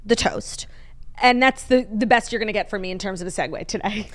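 A woman's voice: mid-range voice, brisk, fairly bright tone. A young woman co-hosts a chatty podcast. She gushes, swears freely and fills her talk with "like" and "um." Her voice sits in the middle of the usual range for a woman. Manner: gushing, swears freely, full of fillers. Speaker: podcast co-host. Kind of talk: casual chat.

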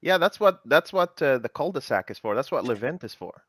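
A man's voice: mid-range voice, very animated, a little fast, fairly bright tone, slightly rough, no room sound. A man hosting a live coding session, chatting casually and teasing his co-hosts, with lots of "you know".

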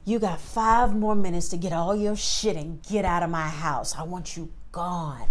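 A woman delivers a fierce theatrical monologue, scolding and threatening. Her pitch swings widely from low growls to sharp high jabs. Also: animated, slow pace. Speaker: actress performing a monologue.

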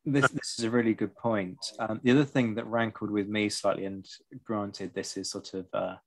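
A man with a very low, deep voice hosts a casual talk about a strategy game as he plays it. He speaks in a measured way with dry, wry asides, often pausing to weigh his words. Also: fairly even intonation. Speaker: podcast host. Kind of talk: casual discussion while playing.

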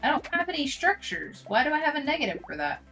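A woman chatting casually during a co-op game, calmly reading out upgrade stats. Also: sits high, fast talker, over music. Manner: relaxed, reads out upgrades aloud. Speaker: co-op game player. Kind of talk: casual gameplay chat.

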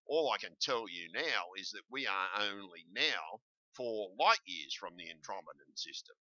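A man's voice: lowish voice, sharp tone, no echo, muffled recording. Agitated, swearing Australian man, sick. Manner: agitated, heavily profane, rambling. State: ill and in pain. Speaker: vlogger. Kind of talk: ranting monologue to camera.

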